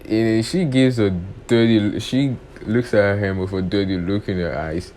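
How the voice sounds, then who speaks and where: A man's voice: fairly low pitch, a little slow, mellow. Rambling young man retelling a story. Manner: rambling, repeats "pretty much" and "and stuff", many restarts. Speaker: fan storyteller. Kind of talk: casual improvised story retelling. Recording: faint background noise.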